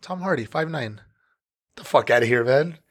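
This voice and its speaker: A man in a laid-back group chat at a brewery, with a voice of ordinary middle pitch. He swears freely and keeps cutting himself off halfway through a thought. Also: animated, moderate pace. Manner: loose, swears a lot, trails off mid-sentence. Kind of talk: casual chat.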